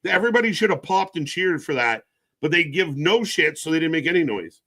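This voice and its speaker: Expressive and a bit quick, he hosts a wrestling watch-along stream full of casual, sarcastic cursing. He bounces between loud shouts and quiet mumbles.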